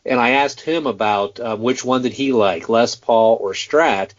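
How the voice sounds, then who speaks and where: A man's voice: mid-range voice, measured pace. Stammery chatty host guy, 40s, mid voice, kinda muffled audio. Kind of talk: casual interview chat. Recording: dull lo-fi sound.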